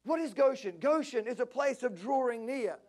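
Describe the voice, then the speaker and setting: A man preaching a passionate sermon at a church service, climbing to near-shouts. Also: very high voice, expressive, moderate pace. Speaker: pastor.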